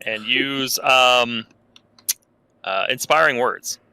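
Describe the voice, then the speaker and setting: A man's voice: mid-range voice, very slow, gravelly, pushed and bright, smooth, dry recording, rough recording. A man playing a tabletop game with friends, declaring his character's moves and asking rules questions. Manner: asks rules questions before acting. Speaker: player. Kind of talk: casual tabletop game play.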